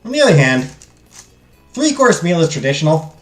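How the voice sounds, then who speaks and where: A young man gives animated, jokey commentary while he plays a story game. His voice runs fairly high and swings widely in pitch. The sound is echoey, with faint music underneath. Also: moderate pace. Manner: animated, joking, reads game text aloud. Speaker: gaming streamer. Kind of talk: let's play commentary.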